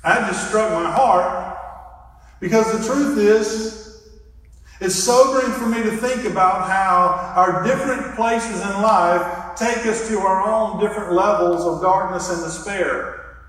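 A man's voice: sits high, fairly bright tone. A man preaching a sermon as pastor, earnest and reflective, guiding his listeners through a simple hand gesture exercise. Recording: echoey hall from far off.

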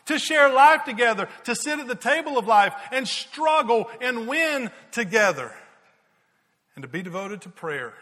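Bright, high-voiced pastor in a reverberant hall. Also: male voice, moderate pace. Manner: lively anecdotes, repeats words, giggles at his own stories. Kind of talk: sermon with storytelling. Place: large church worship hall. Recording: long reverb of a large hall.

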